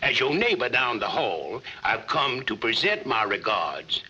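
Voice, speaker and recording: A man's voice: mid-range voice, very animated, unhurried, sharp tone, husky, full character voice. A man playing a pompous, courtly middle-aged Texan colonel, speaking in a florid, formal and gallant way, in 1940s film comedy style. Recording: dull 1940s film soundtrack with long reverb.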